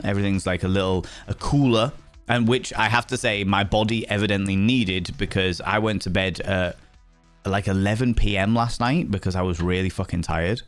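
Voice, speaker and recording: Man, Yorkshire accent, lowish voice, playful teasing chat, faint music underneath. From England. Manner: playful, teasing, greets viewers as cheeky devils. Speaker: livestream host. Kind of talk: casual chat reading viewer messages.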